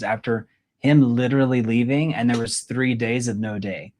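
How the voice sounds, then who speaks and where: A man's voice: mid-range voice, steady tone, fast, a little mellow. A man coaching a young actor, explaining with lots of "like" and acting out line readings himself.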